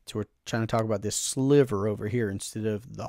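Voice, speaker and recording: A man's voice: on the low side, quick pace, hardly any pauses, a little mellow, no room sound, clean studio sound. A man hosting a podcast, explaining a finance idea in an earnest, emphatic way and often repeating his phrases. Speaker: podcast host.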